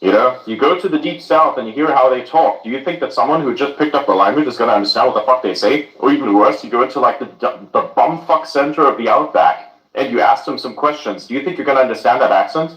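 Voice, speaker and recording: A man's voice: medium pitch, fast, a bit bright, reverberant, distant mic, low-quality recording. A German man whose first language is German, ranting with lots of swearing in casual podcast chat. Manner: profane, ranting.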